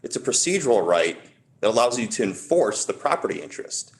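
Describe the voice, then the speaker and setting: A man arguing for the petitioner before a high court, measured and emphatic, stressing key words as he builds his case. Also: very animated, creaky. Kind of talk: formal appellate oral argument.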